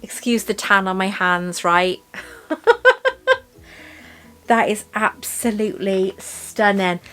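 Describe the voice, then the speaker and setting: A woman's voice: medium pitch, fairly even intonation, measured pace, a bit bright, soft background music. A woman chatting to her camera as she unboxes jewellery, gushing and emotional. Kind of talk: casual unboxing chat.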